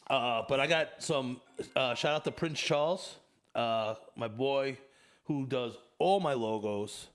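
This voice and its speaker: A man in his thirties hosts a loose podcast chat. He tells crude, rambling stories, swears freely and laughs along as he goes. His voice sits at a middling pitch. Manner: profane, animated storytelling with laughs. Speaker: podcast host. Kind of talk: casual chat.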